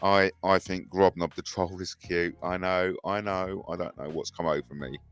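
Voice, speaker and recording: A man's voice: sits low, fairly even intonation, moderate pace, fairly bright tone, dry recording, soft background music. A man hosting a rambling livestream, mocking and swearing and repeating himself. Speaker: host. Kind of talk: rambling solo livestream rant.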